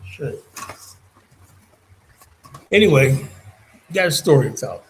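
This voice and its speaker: A man streaming a casual monologue, telling a story in a rambling, profane way that swings from muttering to loud emphasis. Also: medium pitch, lively intonation, slow, a little hiss or hum, rough recording. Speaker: streamer and commentator.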